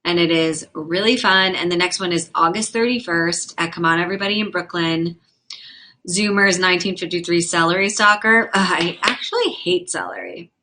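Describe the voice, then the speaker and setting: A woman's voice: lowish voice, bright, forceful tone, a little hiss or hum. A young woman hosting a livestream, chatting casually and frankly with viewers and reacting to their comments. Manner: chatty, quick, frank and profane, reacts to chat. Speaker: livestream host and comedian.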